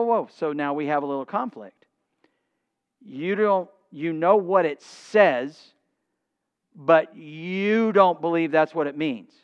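An older male pastor preaches with a notably high voice, leaning hard on key phrases and pausing for effect. He acts out little back-and-forth exchanges. The recording sounds dull and lo-fi. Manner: emphatic preaching with dramatic pauses and acted-out dialogue. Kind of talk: sermon.

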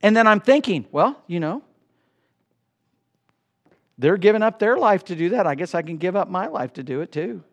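A middle-aged male pastor preaching a sermon in a church, swinging between loud bursts and hushed asides. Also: high voice, lively intonation, normal speed, pauses often. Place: church sanctuary.

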